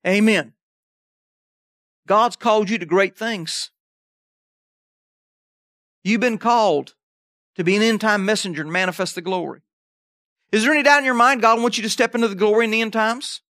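A man's voice: sits high, normal speed, pauses often, sharp tone, no room sound, clean studio sound. A man preaching a sermon in a conversational way, checking in with the congregation as he goes. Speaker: pastor.

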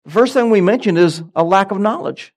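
A man's voice: high voice, a little fast. A middle-aged man, a pastor, preaching a sermon with emphatic delivery and frequent amens.

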